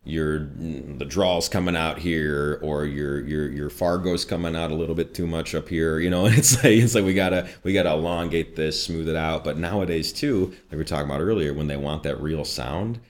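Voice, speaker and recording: Very deep-voiced Midwestern man telling stories. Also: normal speed, hardly any pauses. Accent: slight Midwestern. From US Midwest, Chicago northwest suburbs. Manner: animated storyteller, jumps high for quoted voices, laughs often. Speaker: voice actor and coach. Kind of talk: casual interview chat.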